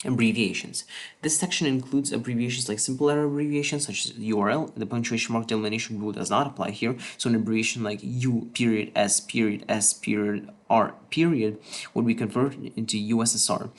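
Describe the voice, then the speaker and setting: A man talks through his homemade language in a scripted voice-over, with a medium-pitched, ordinary voice. He trips and restarts words now and then and drops in dry, wry asides. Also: creaky. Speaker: conlang creator presenting a submission. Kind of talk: scripted explainer narration.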